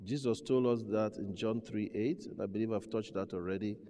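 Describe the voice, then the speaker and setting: A man preaching a sermon, dropping to a hush and then rising to loud, emphatic peaks while he acts out voices. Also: on the low side, fairly even intonation, a little fast. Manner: preaching with dramatic swings from quiet to loud, acting out quoted voices. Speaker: pastor. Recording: long hall reverb.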